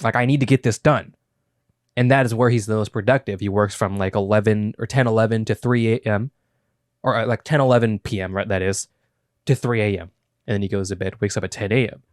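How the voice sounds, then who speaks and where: A man's voice: on the low side, quick pace, dry recording. A young man co-hosting a casual podcast, talking animatedly and swearing freely into a studio microphone. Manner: animated, swears freely, does mock YouTuber voices. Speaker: podcast co-host. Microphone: studio microphone with headphones.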